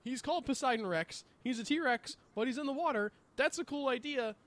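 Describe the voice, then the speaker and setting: A man's voice: extremely high pitch, fairly quick, a bit bright. A man co-hosting a podcast in casual chat, enthusiastic and rambling with lots of fillers. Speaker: podcast co-host.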